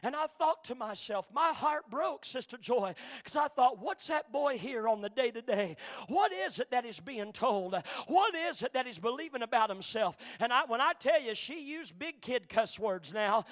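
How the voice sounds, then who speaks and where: A man preaching a sermon, his voice unusually high-pitched and bright. He roars through the shouted passages, then drops low into quiet stories, calling out congregation members by name in a rolling preacher cadence. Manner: fiery preaching that swings between shouted climaxes and quiet storytelling. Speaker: pastor.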